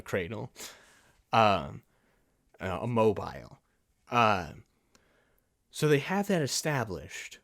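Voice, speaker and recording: A man hosting a solo film and TV review podcast, talking casually and ranting in exasperation, with laughs between points. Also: mid-range voice. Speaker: podcast host.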